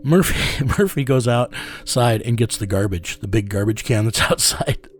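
A man's voice: medium pitch, expressive, moderate pace. Guest, male, mid-range voice; blunt, profane storyteller. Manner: profane, blunt, chuckles while telling. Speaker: interview guest. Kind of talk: casual storytelling.

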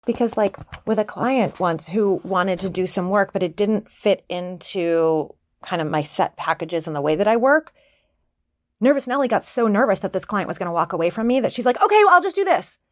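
Woman coach chatting casually about self-help, mid pitch, dry sound. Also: normal speed, dry recording. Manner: conversational, acts out quoted voices.

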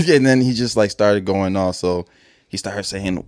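A man's voice: low-pitched, fairly even intonation, normal speed, a little mellow, no echo, clean studio sound. A man co-hosting a casual podcast, telling a long story and laughing often. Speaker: podcast co-host.

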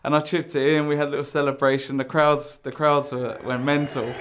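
A man's voice: on the high side, level tone, a little fast, a bit bright, clear, resonant tone. Chatty young Englishman recalling events. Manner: chatty, with lots of likes. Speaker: professional golfer. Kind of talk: interview recollection.

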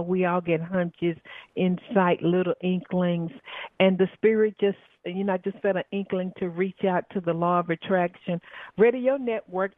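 A woman's voice: on the low side, no echo. A woman with a Southern accent, a radio host and coach, telling her story as an interview guest in an earnest, spiritual way with plenty of filler words. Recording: dry phone-line audio.

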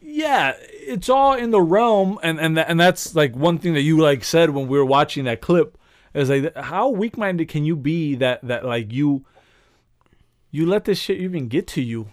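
Slightly high-voiced and moderately paced, this man co-hosts a podcast full of casual, rambling, profane talk and regular laughter. The audio is studio quality with no echo.

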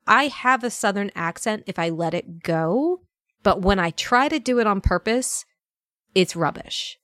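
A woman's voice: mid-range voice, animated, measured pace, fairly bright tone, no echo. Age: adult. Sex: woman. Style: chatty podcast storytelling, acting out quoted lines. Mic: dry close recording. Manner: chatty storyteller who acts out quoted dialogue; frequent laughs and fillers. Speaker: voice actor guest. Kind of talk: casual podcast chat.

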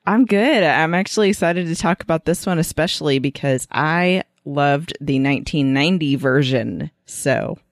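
A woman co-hosting a podcast, upbeat and quick to laugh in casual chat. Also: deep voice, no room sound, clean studio sound. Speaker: podcast co-host.

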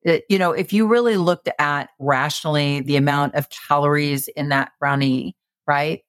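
Low-voiced woman, earnest and encouraging. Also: fairly even intonation, normal speed, no room sound, studio quality. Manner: earnest, encouraging, self-reflective. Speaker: guest. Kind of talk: conversational interview explanation.

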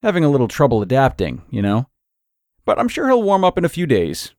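A man's voice: medium pitch, huge pitch swings, a little fast, a little mellow, no room sound, clean studio sound, pitched above the performer's own voice. A man voicing a cheerful, easygoing male neighbor who loves to bake, chatty and a little evasive. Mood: friendly. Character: friendly adult male neighbor, cheerful baker.

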